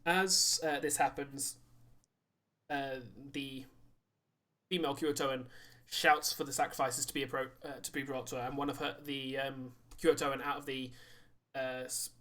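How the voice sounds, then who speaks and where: Male DM, haltingly narrates the scene, mid-range voice. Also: medium pitch, flat delivery, bright, forceful tone. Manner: halting narration, many ums and restarts. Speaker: dungeon master. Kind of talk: narrating a tabletop game.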